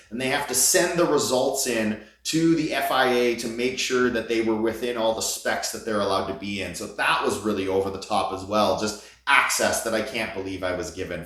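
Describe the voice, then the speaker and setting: A man telling an excited vlog story, gushing, with his voice jumping high at the thrilling parts. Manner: animated, gushing, voice jumps high when excited. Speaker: vlogger. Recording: very echoey room.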